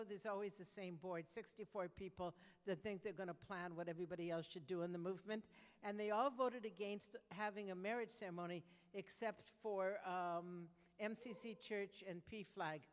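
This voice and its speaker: A woman's voice: mid-range voice, fairly even intonation, moderate pace, in a large hall. An older woman doing stand-up comedy, telling brash, conversational stories with frequent restarts.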